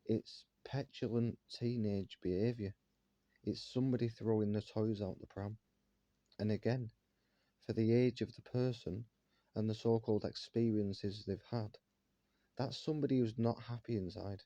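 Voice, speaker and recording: A man's voice: lowish voice, unhurried, mellow, no echo, muffled recording. A man ranting to his viewers in an indignant monologue, firing one rhetorical question after another. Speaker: vlogger.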